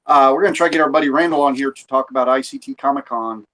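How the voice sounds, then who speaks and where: A man's voice: mid-range voice, rapid-fire, a bit bright. A man hosting a podcast in casual chat, rambling and swearing freely, recorded on a phone. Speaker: podcast host.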